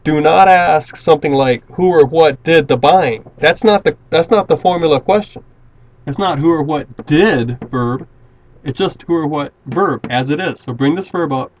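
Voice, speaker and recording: A man explains grammar step by step at a board, with a slightly high voice. He is patient and repeats himself often. The recording is dull and lo-fi. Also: normal speed. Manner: patient, repeats and restarts words while explaining. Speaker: teacher. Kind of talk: grammar lesson at a whiteboard.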